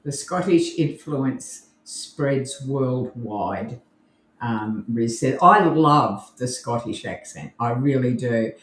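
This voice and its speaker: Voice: medium pitch, animated, slow, fairly bright tone. A podcast co-host with an Australian accent, chatting casually and enthusiastically on a live show and laughing easily. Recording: roomy echo.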